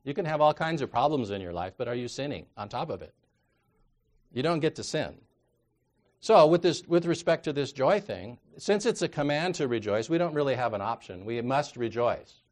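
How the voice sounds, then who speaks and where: A man preaching a sermon in a conversational way, reading scripture aloud and moving from quiet asides to loud, emphatic exhortation. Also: medium pitch, lively intonation, moderate pace. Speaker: counselor.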